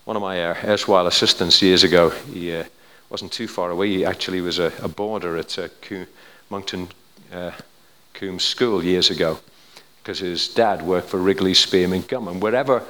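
An older man gives a sermon from the pulpit. He tells stories in a chatty way, sinking to near-quiet asides and then rising to firm emphasis. His fairly low voice rings out with the long reverb of a large hall. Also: fairly even intonation, normal speed. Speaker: preacher.

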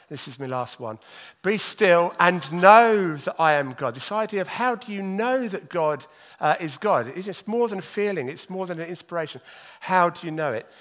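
A man giving a sermon, reading scripture slowly and then talking in an animated, self-deprecating way. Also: on the high side. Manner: animated, self-deprecating, moves his arms as he talks; reads scripture slowly and deliberately. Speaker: preacher.

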